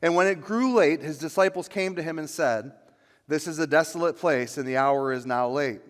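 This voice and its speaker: A male pastor preaching a sermon, building to loud, emphatic peaks on dramatic lines. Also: on the high side, normal speed. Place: church sanctuary. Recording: long church reverb.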